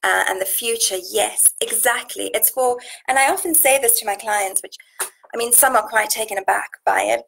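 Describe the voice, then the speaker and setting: A woman's voice: fairly high pitch, steady tone, a little fast, gravelly, a bit bright, breathy edge, low-quality recording. A woman from South Africa, a nutrition coach hosting a casual live session, talking in a chatty, earnest way full of fillers and restarts. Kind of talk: casual live stream talk, reading out viewer comments.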